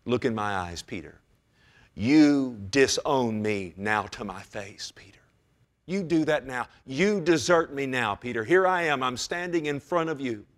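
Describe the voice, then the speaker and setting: A man voicing a sorrowful man who confronts a disloyal friend, speaking slowly in a hushed, pleading way. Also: mid-range voice, animated, lightly acted.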